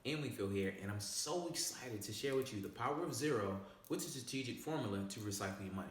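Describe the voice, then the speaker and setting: A man's voice: medium pitch, lively intonation, fast. A man presenting a casual money-saving explainer, stressing each point and checking in with "all right?" and "okay?". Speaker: personal finance presenter. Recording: very echoey room.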